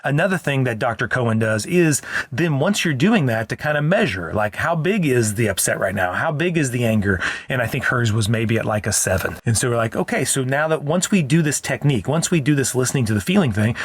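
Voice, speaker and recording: A man's voice: medium pitch, lively intonation, fairly quick, breathy edge, no room sound. A man co-hosting a parenting podcast as a counselor, explaining earnestly in casual chat and often restarting his sentences.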